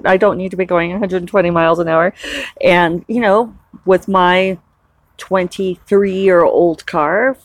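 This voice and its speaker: A woman's voice: lowish voice, no echo. Chatty woman with a dry, close sound. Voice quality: chatty, rambling, laughs often. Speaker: author and vlogger. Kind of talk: casual chat.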